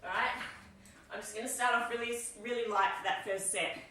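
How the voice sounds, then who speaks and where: A woman's voice: a little high, fairly even intonation, brisk, pushed and bright, slight background noise. A woman leading a live weights workout, cueing each rep and every breath in an upbeat, encouraging way. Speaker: fitness instructor. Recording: echoey room, mic at a distance.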